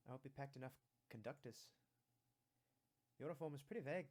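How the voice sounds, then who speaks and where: A man's voice: mid-range voice, fast, a little mellow, natural voice. A man voicing an anxious young woman in a story game with a put-on Scottish accent. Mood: worried.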